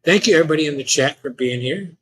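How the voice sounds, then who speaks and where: A man's voice: a little high, quick pace, a bit bright, low-quality recording. A man co-hosting a live stream, talking casually with frequent restarts and hesitations. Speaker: podcast co-host.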